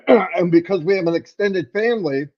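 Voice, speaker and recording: A man's voice: high voice, normal speed. A man co-hosting a livestream, joking and teasing in casual chat over a video call. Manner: playful teasing, animated. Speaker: livestream co-host. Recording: muffled video-call audio.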